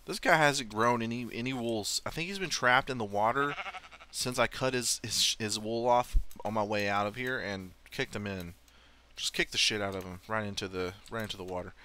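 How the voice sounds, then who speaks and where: Bright-voiced joking game commentator man. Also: fairly low pitch, moderate pace. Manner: chatty, self-mocking, swears and laughs often. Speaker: let's play host. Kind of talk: casual gameplay commentary.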